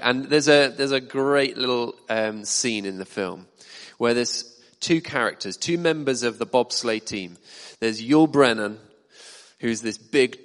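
A man with a fairly low voice preaches a sermon, chatting to the congregation and asking them questions. His voice carries a long hall reverb, as if picked up in a church hall. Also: a bit bright. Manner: conversational, asks the congregation questions.

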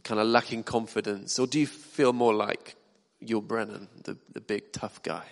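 A man's voice: fairly low pitch, steady tone, moderate pace. A man preaching a sermon in a church hall, talking conversationally and asking the congregation questions. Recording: long reverb of a hall.

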